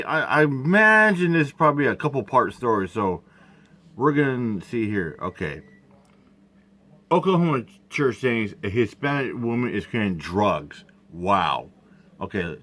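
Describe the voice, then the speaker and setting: A man's voice: mid-range voice, a bit bright. A man hosting a reaction video, giving casual, emphatic and profane commentary.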